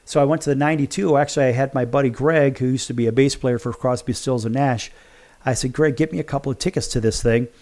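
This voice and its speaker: A middle-aged host from Chicago rambles through a story with easy, chatty restarts. His voice has a gravelly grain and sits at an ordinary male pitch. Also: steady tone, fast, a little mellow. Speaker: sports betting show host. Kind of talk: casual storytelling on a radio show.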